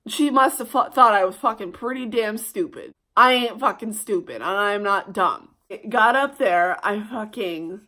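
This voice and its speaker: A young woman telling a heated storytime on her vlog, swearing often and talking in fast bursts. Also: medium pitch, bright, forceful tone. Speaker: vlogger.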